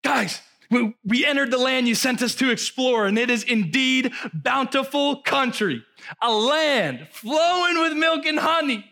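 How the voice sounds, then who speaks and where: A man voicing a band of excitable male spies who exclaim loudly in a raised voice. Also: very high voice, unhurried, voice pushed up, full character voice. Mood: giddy. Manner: giddy, exclaiming.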